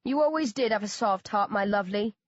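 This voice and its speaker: A woman's voice: medium pitch, a little fast, dry recording, close to an everyday voice. Woman reader voicing a languid sneering villain, dull audio. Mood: cold. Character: cold, bored, cruel rich man.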